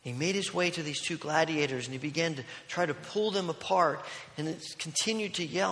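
A man preaching a sermon as a pastor, telling a story that moves between loud, urgent passages and hushed ones. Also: a little high, brisk, hardly any pauses. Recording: long reverb of a large hall.

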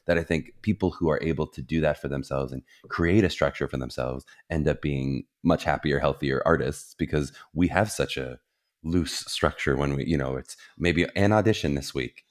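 A man hosts a podcast with an extremely low, deep voice. He muses at length and encourages his guest, often pausing on "um" and "you know". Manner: warmly encouraging, musing, lots of fillers. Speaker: podcast host. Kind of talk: casual podcast interview.

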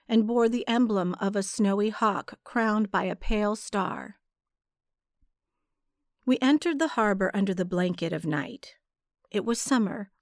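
A woman reads a story aloud in a measured, deliberate manner. Her pace is slow and unhurried. The recording is dry and close. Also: mid-range voice, vocal fry, dry recording. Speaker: audiobook narrator. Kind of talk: scripted story narration.

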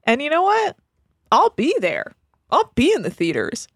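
Animated woman co-hosting a podcast. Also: high-pitched, moderate pace, no echo, clean studio sound. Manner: animated, laughing, playful mock quotes. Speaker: podcast co-host and producer. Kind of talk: casual chat.

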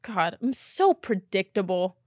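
A woman hosting a podcast in casual reaction chat, blunt and expressive, swearing casually. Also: medium pitch, a little slow, no room sound, clean studio sound. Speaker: podcast host.

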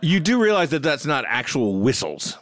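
Brief: male co-host, stammers, exasperated, high lively voice. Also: slight background noise. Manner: halting, stammering, exasperated, laughs often. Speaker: comedy podcast co-host. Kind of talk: improvised comedy banter.

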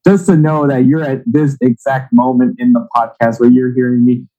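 A man's voice: medium pitch, steady tone, normal speed, warm tone, muffled recording. A man co-hosting a sports podcast, rambling and teasing in casual chat. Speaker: podcast co-host.

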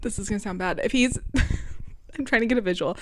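A young woman co-hosting a podcast, reacting and teasing her friend in casual chat. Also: mid-range voice. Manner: teasing, quick reactions, laughs along. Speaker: podcast co-host.

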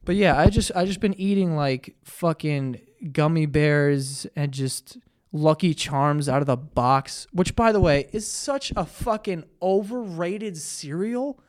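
A man's voice: fairly high pitch, measured pace. A young man hosting a podcast alone, ranting profanely and with exasperation, mocking himself between outbursts. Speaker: podcast host. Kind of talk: solo comedic rant.

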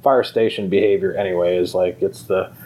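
A man's voice: low-pitched, fairly even intonation, a little fast, dark tone, slight background noise, rough recording. A man who runs a fire department pipe band school, talking casually and rambling with many fillers and restarts. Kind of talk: casual conversation.

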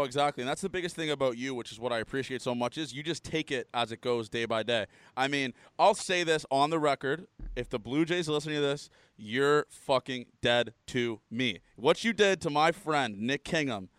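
Dad-aged podcast host guy, hyped and cursing a lot, smooth higher voice, dry sound. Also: dry recording. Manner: excitable, swears often, jokey. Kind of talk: casual chat.

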